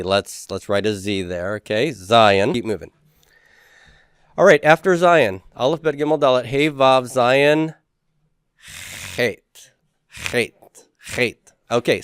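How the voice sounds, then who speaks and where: A man's voice: fairly low pitch, fairly bright tone, smooth, no room sound, studio quality. A man teaching a class, talking casually and repeating letter names for students to say back. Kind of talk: classroom lecture.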